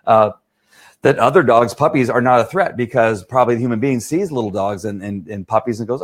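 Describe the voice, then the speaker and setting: He's a fast talker with a mid-range, animated voice: a middle-aged dog trainer answering questions casually. Throughout the chat he keeps asking "right?"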